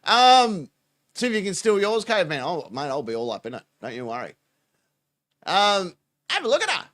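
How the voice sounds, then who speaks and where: A man's voice: high-pitched, huge pitch swings, moderate pace, fairly bright tone. A foul-mouthed man hosting a mocking reaction commentary show, laughing as he talks. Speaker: host.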